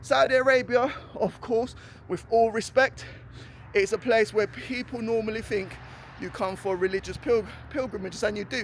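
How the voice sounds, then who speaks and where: A man from East London with an East London accent, vlogging in a chatty, animated, slangy way, talking outdoors by a stadium. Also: very high-pitched, a little hiss or hum. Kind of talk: casual vlog talk to camera.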